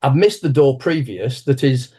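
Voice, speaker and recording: A man's voice: medium pitch, normal speed, husky. Man in his sixties telling stories. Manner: animated anecdotal storyteller with frequent restarts. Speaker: interview guest, martial arts teacher. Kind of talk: conversational interview storytelling.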